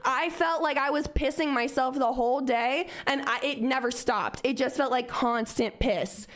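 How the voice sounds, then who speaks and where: A young woman whose voice sits high tells a story at normal speed as a podcast guest. Animated and casual, she swears freely and acts out the quoted voices of the story's characters.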